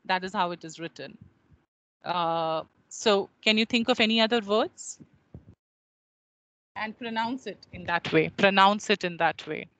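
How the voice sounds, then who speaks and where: A woman teaches over a video call at an unhurried pace. She repeats words carefully to model their pronunciation. Her voice sits at an ordinary pitch. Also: fairly bright tone, no room sound, rough recording. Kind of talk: online phonetics lecture.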